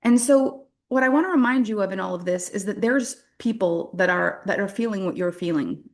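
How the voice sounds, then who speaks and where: A woman from French-speaking Canada speaks to a workshop audience as a business coach. Her delivery is candid and animated, with self-deprecating humor and frequent laughter. She sits in a mid range of pitch for a woman. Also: fairly quick. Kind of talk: motivational workshop talk.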